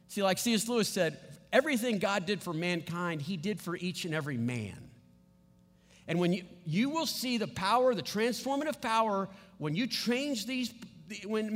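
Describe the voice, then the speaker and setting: A man with a high, clear speaking voice leads a church teaching session. He coaches his listeners step by step and keeps checking that they are following. His words ring out with the long reverb of a large hall. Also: fairly bright tone. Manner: coaching, checks in with frequent "okay?". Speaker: Bible teacher.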